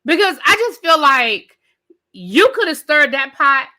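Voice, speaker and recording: Bright, fired-up woman ranting to camera. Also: high voice, unhurried. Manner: animated, profane, emphatic ranting; direct address to viewers. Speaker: TV show reviewer. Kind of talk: live rant and review.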